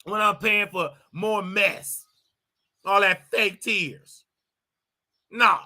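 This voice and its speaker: A man's voice: high voice, very slow, bright, forceful tone. A man hosting a commentary show, talking in a casual, mocking way and mimicking others in exaggerated voices. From United States.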